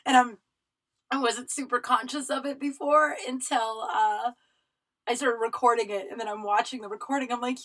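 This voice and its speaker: A woman's voice: on the high side, steady tone, moderate pace, fairly bright tone, poor audio. A woman hosts her own podcast and tells a personal story. She is teary and sniffling, and she rambles emotionally with many fillers and restarts. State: tearful, runny nose. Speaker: podcast host. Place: home recording room.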